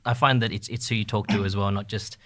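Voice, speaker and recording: A man's voice: lowish voice, steady tone, quick pace, a bit bright. A man who is a podcast guest, chatting in an easygoing, casual way. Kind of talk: casual chat.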